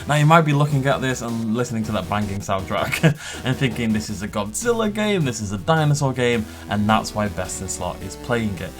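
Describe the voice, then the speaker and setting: A man's voice: mid-range voice, lively intonation, fairly quick, soft background music. A man hosting a gaming channel, giving upbeat, joking let's-play commentary with frequent chuckles.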